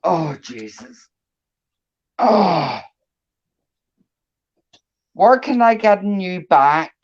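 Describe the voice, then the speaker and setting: A woman co-hosts a casual livestream chat, speaking very slowly while her pitch swings widely. She laughs a lot and sighs and groans between remarks. The video-call sound is dull and lo-fi. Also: lively intonation. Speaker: co-host. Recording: dull lo-fi stream audio.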